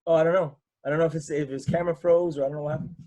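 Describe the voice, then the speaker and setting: High-voiced, excitable slangy man. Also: rapid-fire. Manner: excitable slangy banter, loose and repetitive. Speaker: host. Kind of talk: casual chat.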